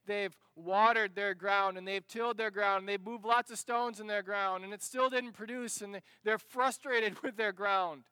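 A man preaching a sermon, dramatic, dropping to a hush and then rising to loud emphasis as he acts out passages. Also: high voice, steady tone, moderate pace, few pauses, smooth, no room sound. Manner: dramatic, shifts between hushed and loud; acts out the scripture passages he reads.

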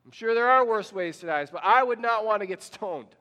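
A man's voice: high-pitched, lively intonation, a little fast, bright, forceful tone, in a large hall. A man pastor preaching a sermon, telling the story and asking the congregation questions.

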